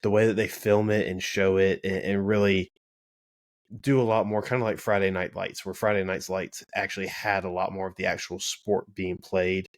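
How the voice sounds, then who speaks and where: A man who is a podcast guest, talking in a measured, thoughtful casual chat with some restarts. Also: sits low, flat delivery, no echo, clean studio sound. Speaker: podcast guest, sports commentator.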